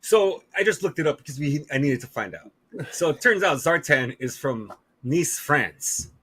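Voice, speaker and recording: Bright-voiced joking male co-host. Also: fairly high pitch, animated, moderate pace, slightly rough. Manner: loose, joking, swears casually. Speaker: podcast co-host. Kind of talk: casual chat.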